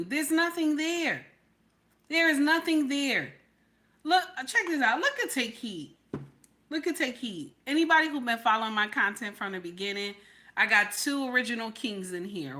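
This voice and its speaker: Older woman, live-stream reaction host, sassy and emphatic, high bright voice. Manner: sassy, repeats "okay?" often. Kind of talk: casual live-stream commentary.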